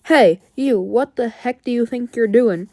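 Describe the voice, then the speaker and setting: A woman's voice: on the high side, measured pace, mellow, dry recording. A woman reading a brash, taunting farmhand. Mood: confrontational. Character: rough male farmhand, mocking.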